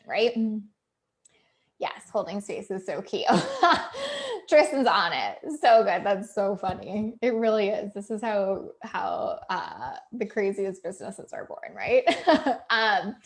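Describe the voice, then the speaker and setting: A woman's voice: medium pitch, big pitch swings, takes it slowly. Chatty woman coaching on a livestream. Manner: chatty, emphatic, lots of "like" and "right?"; acts out quoted client voices. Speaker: business coach. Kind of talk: casual live video talk to viewers.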